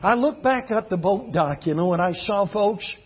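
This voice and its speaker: A man preaching a sermon as a fervent, dramatic storyteller whose voice swings between hushed and loud. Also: high-pitched, expressive, normal speed, breathy edge. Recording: dull lo-fi recording.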